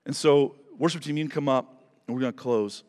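A man's voice: medium pitch, a little fast, darkish tone. A man preaching as pastor, closing a sermon and praying, earnest and pleading, stumbling and correcting himself now and then. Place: church sanctuary. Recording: reverberant church hall.

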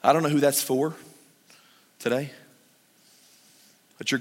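A middle-aged male pastor preaching a sermon, swinging from loud urgent calls to hushed, intimate pleading as he tells stories and speaks straight to the congregation. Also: mid-range voice, fairly even intonation, unhurried, long pauses. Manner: storytelling, addresses the congregation directly. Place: church sanctuary. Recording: long hall reverb.

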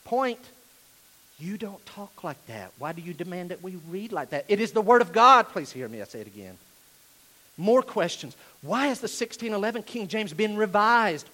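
A man from North Carolina, preaching a sermon emphatically and dropping from loud declarations to hushed asides. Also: high voice, low-quality recording. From Asheville, North Carolina, USA. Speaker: pastor.

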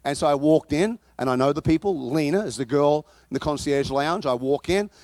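A man preaching a sermon, telling a story with animated energy that bursts into shouting. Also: on the high side, brisk, no echo.

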